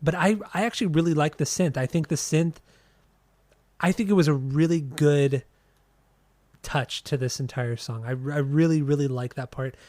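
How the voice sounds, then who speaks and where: A man's voice: a little high, moderate pace, a little mellow, dry recording. Rambling young man on a podcast. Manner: rambling, many restarts, casual swearing. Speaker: podcast co-host. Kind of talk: casual music review chat.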